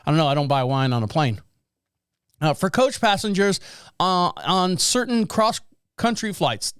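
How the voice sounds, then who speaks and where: High, smooth-voiced sarcastic male podcaster. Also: expressive, measured pace, a bit bright, dry recording, studio quality. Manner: sarcastic, rambling, laughs at own jokes. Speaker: podcast host. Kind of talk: casual news commentary.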